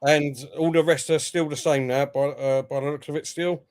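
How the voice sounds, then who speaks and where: High-voiced man reading out football scores. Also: fairly even intonation, normal speed, a little mellow. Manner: defensive, repeats short replies. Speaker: watchalong co-host. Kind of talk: football fan chat and score updates.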